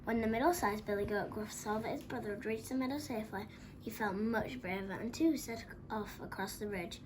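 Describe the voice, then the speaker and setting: Expressive woman reading a storybook. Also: medium pitch, fairly quick, noisy background. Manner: expressive, dramatic.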